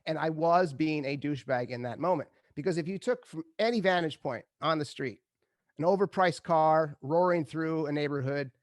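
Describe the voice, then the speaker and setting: A man's voice: on the high side, no echo, clean studio sound. A middle-aged man, a retired ad executive, telling stories as a guest in an interview and acting out quotes with laughs. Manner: animated storyteller, acts out quotes, laughs often. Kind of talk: conversational interview storytelling.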